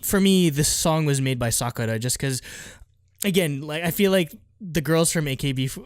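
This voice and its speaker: A man's voice: a little high, moderate pace, no echo, clean studio sound. A man co-hosting a podcast, chatting casually with lots of "like" and laughs. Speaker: podcast co-host. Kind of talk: casual chat.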